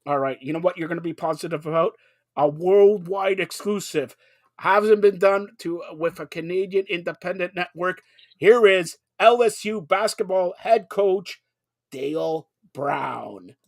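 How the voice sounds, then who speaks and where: Excitable high-voiced male talk host. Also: a little slow, gravelly, no room sound, studio quality. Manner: excitable, stammering repeats. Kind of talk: casual sports talk show.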